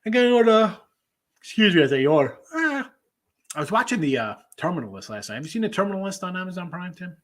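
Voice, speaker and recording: A man's voice: a little high, big pitch swings, rapid-fire. A man hosting a sports betting show, chatting loosely with viewers and jumping between topics. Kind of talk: casual livestream chat reading viewer comments.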